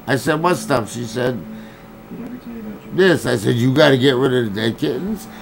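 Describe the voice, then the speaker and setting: A man's voice: medium pitch, normal speed, creaky, a little hiss or hum, low-quality recording. A man telling an angry, profane story, acting out both sides of an argument in quoted dialogue. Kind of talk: angry personal rant.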